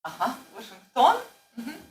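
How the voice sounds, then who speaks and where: Woman language teacher, animated and corrective, recorded from across an echoey classroom. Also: high voice, normal speed. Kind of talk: classroom instruction. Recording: roomy, distant classroom recording.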